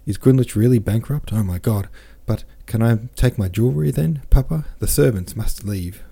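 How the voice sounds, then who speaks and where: A man voicing a flustered, distraught young woman in a read-aloud novel, asking anxious, hurried questions. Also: mid-range voice, gravelly, dark tone, slightly rough. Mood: distracted.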